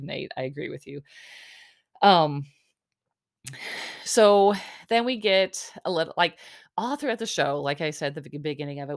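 A woman's voice: deep voice, gravelly, no room sound, studio quality. A woman casually recapping a reality TV episode in a chatty, opinionated way, full of "like" and "um". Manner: chatty, filler-heavy, with frequent "like" and "um"; opinionated storytelling.

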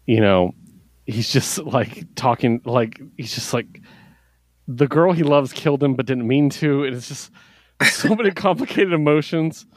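A man's voice: medium pitch, expressive, unhurried, no room sound. A man co-hosting a podcast, recapping comics in casual chat with filler words and swearing. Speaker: podcast co-host.

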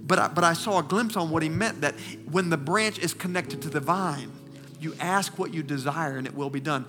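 A male pastor preaching a sermon, swinging from loud, impassioned declarations to hushed, near-whispered confessions while holding back tears. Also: on the high side, moderate pace, music in the background.

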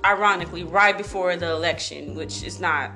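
A woman's voice: lowish voice, fairly quick, gravelly, pushed and bright, faint music behind. A woman, co-hosting a casual podcast, asking questions and moving topics along. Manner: quizzical, moves topics along. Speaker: podcast co-host.

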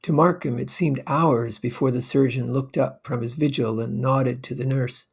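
A man reading an old short story aloud in a measured, even way. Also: mid-range voice, gravelly, husky. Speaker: narrator.

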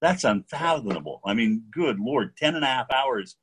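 A man hosting an interview, casual, with lots of quick affirmations and stammered questions. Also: medium pitch, animated, a bit bright, husky. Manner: encouraging, many short affirmations, stammers when asking. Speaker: podcast host.

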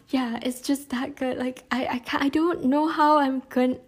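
A woman chatting casually and excitedly about something she loves. She rambles, restarts sentences and fills pauses with "like" and "um". Her delivery is gushing and warm with frequent laughter. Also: high-pitched. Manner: enthusiastic, laughs often. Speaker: podcast reviewer. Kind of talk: casual chat.

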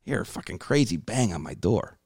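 A man's voice: on the low side, brisk, gravelly, breathy edge, dry recording, clean studio sound. A male comedian telling a story on a casual podcast. He swears freely and acts out other people's lines as he goes. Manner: animated, swears freely, acts out quoted dialogue. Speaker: guest comedian.

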